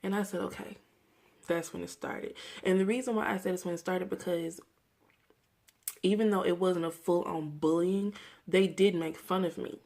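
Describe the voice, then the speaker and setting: Low creaky-voiced woman vlogger. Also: fairly even intonation, normal speed, a little mellow. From Mississippi, USA. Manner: earnest, reflective, talks through memories candidly. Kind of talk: personal rant to camera.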